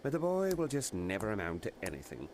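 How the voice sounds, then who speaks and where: A snooty alchemist master in a game, low voice, swoops way up and down, curt and belittling, game music under it. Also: male voice, wildly swooping pitch, quick pace, noisy background. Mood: scornful. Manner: brusque, belittling. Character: scheming male alchemist master, curt and haughty.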